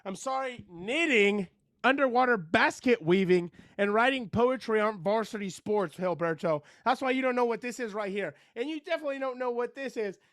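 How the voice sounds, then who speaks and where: This is a swaggering sports-talk blowhard, put on by a man, all bragging and mockery. The voice sits up high for a man and the sound is dry and close. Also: a little fast, a bit bright, no room sound. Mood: boastful rant. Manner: ranting, mocking, boastful. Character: brash boastful male sports-talk blowhard, ex-jock. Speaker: comedy segment character.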